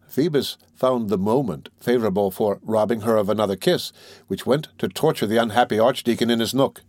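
A man reading a classic novel aloud in a measured, expressive way. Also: fairly low pitch, dry recording, clean studio sound. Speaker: audiobook narrator.

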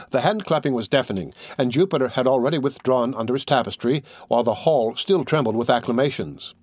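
A man reading a classic novel aloud as narrator, measured and expressive. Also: medium pitch, no echo, clean studio sound. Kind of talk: scripted narration.

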